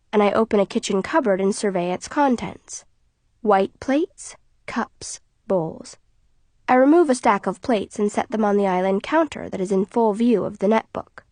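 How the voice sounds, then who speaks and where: A woman narrating an audiobook in the first person, in a quiet, tense manner. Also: mid-range voice, no room sound.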